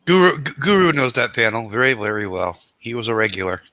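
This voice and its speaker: A man in a casual group chat who explains things in quick bursts. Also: mid-range voice, sing-song, bright, forceful tone, a little hiss or hum, rough recording. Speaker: panelist.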